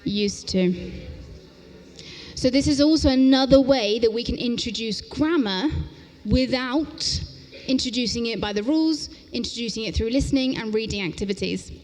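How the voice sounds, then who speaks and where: A slightly high-voiced woman trainer of teachers gives an interactive workshop in a large conference lecture hall with long reverberation. Upbeat and brisk, she often pauses to check in with "okay?".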